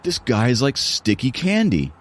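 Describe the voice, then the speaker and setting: Um homem fazendo um jovem astro de corrida, arrogante. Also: male voice, mid-range voice, wildly swooping pitch, moderate pace, voice pushed up. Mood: scornful. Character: arrogant young male college track star.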